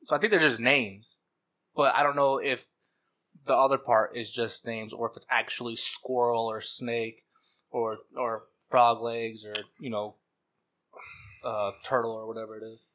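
Rambling, hesitant man with a bright voice. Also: mid-range voice, level tone, unhurried. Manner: rambling, hesitant, full of restarts and fillers. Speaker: podcast co-host. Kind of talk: casual podcast banter.

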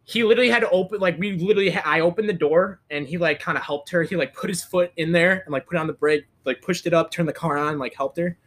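A man's voice: a little high, a bit bright. A young man co-hosting a podcast, telling stories in casual chat, rambling and swearing with lots of restarts. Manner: rambling, profane storytelling with many restarts. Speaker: podcast co-host.

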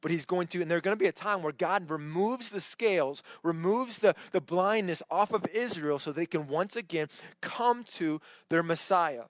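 A man leading an online Bible study, telling scripture stories in an animated way and acting out the voices. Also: high-pitched, moderate pace, no echo, studio quality.

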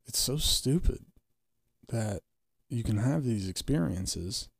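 A man's voice: mid-range voice, animated, slow pace, vocal fry, breathy edge, no room sound. A man co-hosting a podcast, telling a story casually and bluntly, with heavy swearing. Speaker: podcast co-host. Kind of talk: casual candid chat.

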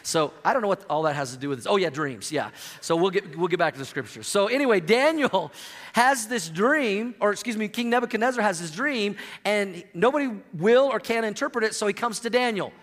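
In a church sanctuary with long hall reverb, a middle-aged pastor preaches a funny sermon, spinning stories and performing the quotes with playful energy. His voice is high-pitched, expressive, a bit bright, and fairly quick.

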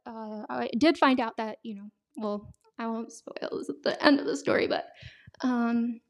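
A young woman hosting a podcast, sharing an emotional personal testimony in a halting way, full of fillers. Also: fairly high pitch. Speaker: podcast host.

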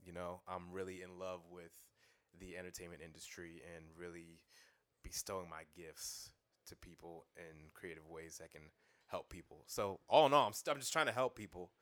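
Deep-voiced earnest young man. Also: fairly even intonation, moderate pace, a bit bright. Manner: thoughtful, earnest, with many fillers. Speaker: podcast guest. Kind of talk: casual podcast chat.

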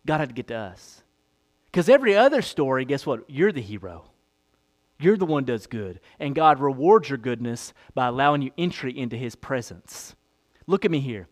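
A man in his thirties preaching a sermon as pastor, emphatic, repeating lines, calling for amens, swinging from loud emphasis to a low hush. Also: sing-song, moderate pace.

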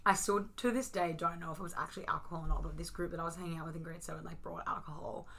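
A young woman co-host in casual chat, offering murmured agreement and letting her sentences trail off softly. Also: fairly low pitch, steady tone, racing, vocal fry. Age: young adult. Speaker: podcast co-host.

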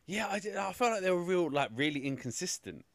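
Man, casual podcast chat, exasperated, lively pitch, dry sound. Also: fast talker, vocal fry, dry recording. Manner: animated, exasperated, swears a lot. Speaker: film review podcast host.

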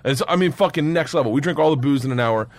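A comedian man telling a wild story as a podcast guest, animated and profane, breaking into loud laughter. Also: a little high, rapid-fire, no echo.

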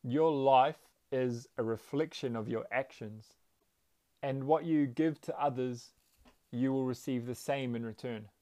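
A man voicing a calm, wise father who gently explains a lesson to his son. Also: mid-range voice, a little slow, close to an everyday voice.

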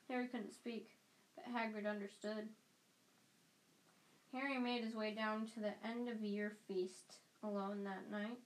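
A woman's voice: medium pitch, steady tone, unhurried, low-quality recording. A woman reading a novel aloud in an unpolished way, often stumbling and starting a phrase over. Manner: unpolished, frequent restarts. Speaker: audiobook reader.

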